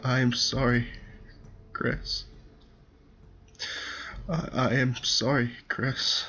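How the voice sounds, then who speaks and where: A man's voice: mid-range voice, sharp tone, dull audio, full character voice. A man voicing a terrified young male soldier writing his diary in a creepypasta reading, stammering and dropping into whispers. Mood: remorseful. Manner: stammering, panicked, breaking into whispers.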